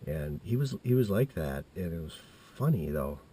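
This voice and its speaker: Low husky man in his fifties. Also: big pitch swings, normal speed, dark tone. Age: 50s. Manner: meandering, with many restarts and asides. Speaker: vlogger telling a personal story. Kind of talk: casual rambling storytelling.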